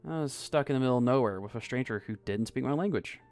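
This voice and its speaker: A man narrating a scripted first-person story in a soft, even storytelling voice. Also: medium pitch, fast. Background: faint music.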